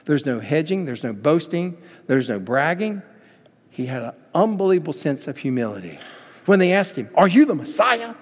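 A man's voice: a little high, very animated, moderate pace, a little mellow, long reverb tail. A man preaching a sermon as pastor, telling stories with emphasis and acting out the quotes he cites.

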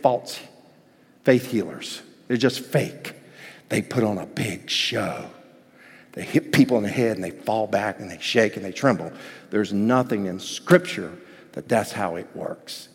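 A man preaching a sermon as pastor, shifting between hushed intensity and loud, emphatic passages. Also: on the low side, animated, unhurried, breathy edge. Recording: hall reverb.

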